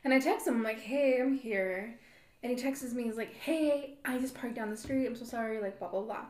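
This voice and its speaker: This podcast host, a woman in her thirties, has a voice on the high side and speaks at a normal speed. She chats casually through a story, voicing the quotes and laughing frequently, with the recording carrying a roomy echo.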